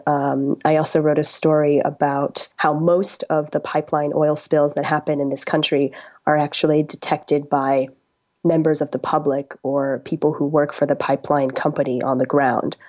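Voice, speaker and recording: A woman's voice: low voice, a little mellow. A woman reporter answering interview questions about her reporting, thoughtful and a bit hesitant with ums and uhs. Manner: thoughtful, with frequent um and uh.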